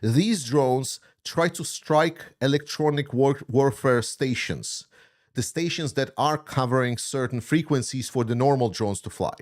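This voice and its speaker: A man hosting a commentary channel answers viewer questions in an unscripted stream, speaking bluntly and heatedly. He swears often and his grammar is slightly non-native. His voice is medium in pitch and a little slow.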